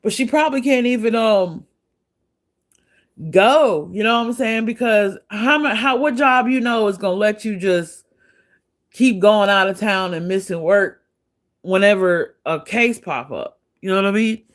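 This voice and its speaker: A woman's voice: medium pitch, a little slow. A woman hosting a livestream, giving casual gossip commentary in a blunt, profane, chatty way and laughing often. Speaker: livestream host.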